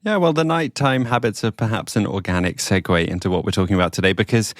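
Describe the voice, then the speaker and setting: Male podcast co-host with a lowish voice, plain explainer with easy laughs, dry booth sound. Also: quick pace, dry recording. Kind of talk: casual news podcast chat.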